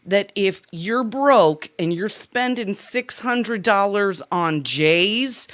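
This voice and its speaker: A woman's voice: mid-range voice, lively intonation, slow. A woman who is a journalist guest on a panel, speaking emphatically over a video call and pushing back on a premise. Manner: emphatic, argumentative. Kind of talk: panel debate.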